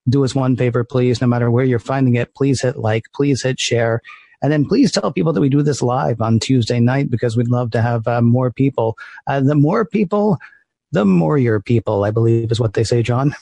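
A man's voice: medium pitch, moderate pace, vocal fry, dark tone, no echo. A man co-hosting a live podcast, jokey and upbeat like an announcer. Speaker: podcast co-host.

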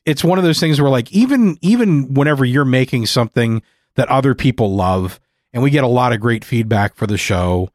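A man's voice: medium pitch, lively intonation, fairly quick, no room sound. Podcast host guy rambling earnestly, lots of ums, dry close studio sound. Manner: earnest, rambling, with many fillers. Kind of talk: casual chat. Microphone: studio mic.

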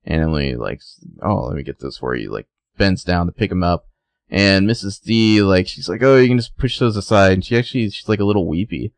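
A man's voice: deep voice, a little fast, gravelly, no room sound. A man co-hosting a casual chat, recapping a TV episode and acting out the characters' lines. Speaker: podcast co-host recapping a TV episode.

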